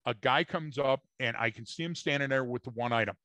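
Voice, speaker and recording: A man's voice: medium pitch, a little fast, pushed and bright, no room sound. A man co-hosting a podcast, telling stories in an emphatic, repetitive way in casual chat. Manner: emphatic, storytelling, repeats words. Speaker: podcast co-host.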